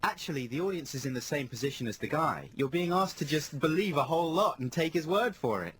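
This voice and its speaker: A man co-hosting a radio show, telling stories in a lively, animated way and acting out what people said. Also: a little high, a little fast. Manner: animated storyteller, acts out quotes. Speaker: radio co-host. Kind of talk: casual radio chat. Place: radio studio. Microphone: studio microphone.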